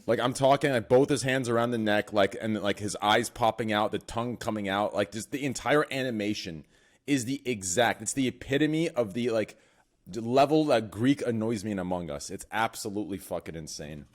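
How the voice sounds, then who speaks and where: A man chatting on a streamed podcast over a voice call, loud and swearing, with bursts of excited shouting. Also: on the low side, fairly quick. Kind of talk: casual podcast chat.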